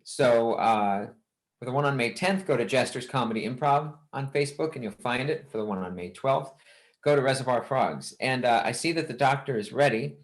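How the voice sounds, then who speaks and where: A man's voice: medium pitch, fairly quick. A man hosting a live improv comedy show, giving easygoing announcements with frequent ums and uhs. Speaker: host.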